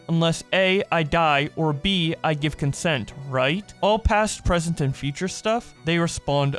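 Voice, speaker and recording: A man hosting a commentary video, reading out message exchanges aloud and adding short reactions of his own. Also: on the high side. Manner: reads message exchanges aloud in a flat narrating voice, with brief reactions. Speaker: commentary host.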